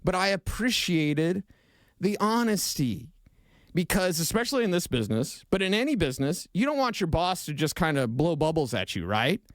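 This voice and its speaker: A man co-hosting a sports radio show in a studio, talking fast, emotional and opinionated in casual banter. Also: on the high side, sing-song, no room sound. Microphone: studio microphone.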